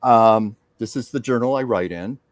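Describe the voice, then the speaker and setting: A man's voice: mid-range voice, no room sound. A man hosting a psychic show, talking earnestly and casually about a channeled message. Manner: earnest, heartfelt, slows down to read aloud. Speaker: psychic medium and host.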